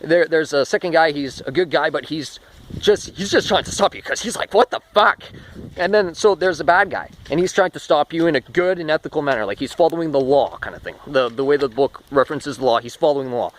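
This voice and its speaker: A man's voice: on the high side, fast talker, rough recording. A man talking through a rambling spoken monologue, restarting often and swearing casually. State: short of breath.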